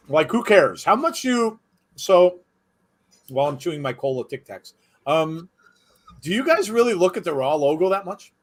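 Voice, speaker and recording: Guy hosting a live watch-along, kinda high voice, joking around, reading chat out loud. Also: very animated, measured pace, pauses often. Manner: chatty, jokey, reads viewer comments aloud. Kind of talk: casual live commentary.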